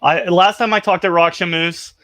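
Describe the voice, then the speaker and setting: A man as a guest on a casual livestream chat, sarcastic and deadpan. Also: sits high, normal speed, dry recording.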